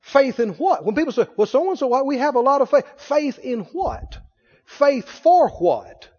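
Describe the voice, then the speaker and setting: High-voiced man preaching a sermon. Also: big pitch swings, a little mellow. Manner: asks the congregation rapid questions. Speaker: pastor. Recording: dull recording in a reverberant hall.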